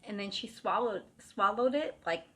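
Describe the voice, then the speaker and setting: A woman's voice: medium pitch, lively intonation, moderate pace, fairly bright tone. A woman telling a true ghost story in a casual, rambling way, full of fillers and restarts. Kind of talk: casual first-person storytelling.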